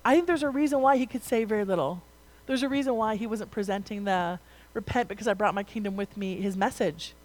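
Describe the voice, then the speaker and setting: A woman's voice: mid-range voice, brisk, darkish tone, rough recording. A young woman preaching a sermon in a conversational way, using lots of casual fillers and turning emphatic at key points. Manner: conversational, rising to emphatic, frequent "like" and "right?".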